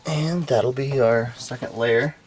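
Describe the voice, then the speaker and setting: A man's voice: mid-range voice, noisy background. A man casually commenting on his work while restoring a vintage camper, talking to himself as he goes, at times out of breath. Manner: unhurried, talks to himself while working. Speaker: DIY restoration vlogger. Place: inside a hot vintage camper.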